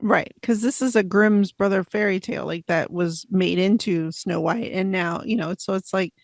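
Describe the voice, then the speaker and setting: Female guest, animated storyteller, dry close mic. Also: mid-range voice, normal speed, gravelly, no echo. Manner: animated, acts out characters' lines mid-story. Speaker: podcast guest. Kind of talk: casual movie review chat.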